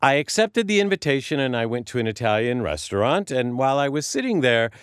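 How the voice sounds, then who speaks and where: A man's voice: mid-range voice, big pitch swings, brisk, clear, resonant tone, no echo, clean studio sound. A man hosting a radio talk show, earnest and emotional, telling a personal story with frequent restarts, a native Sicilian speaker. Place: radio studio.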